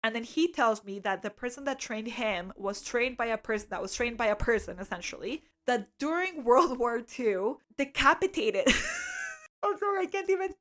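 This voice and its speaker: A woman from Canada co-hosting a podcast, telling a story in a casual, animated way with lots of fillers and laughter. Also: fairly high pitch, normal speed. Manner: animated storytelling, frequent "like", laughs mid-sentence. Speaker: podcast co-host.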